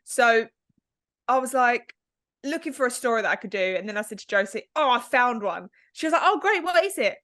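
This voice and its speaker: A woman co-hosting a podcast in casual chat, animated and laughing as she tells stories. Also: a little high, dry recording, studio quality. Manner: animated, quick bursts, laughs while telling stories. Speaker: podcast co-host.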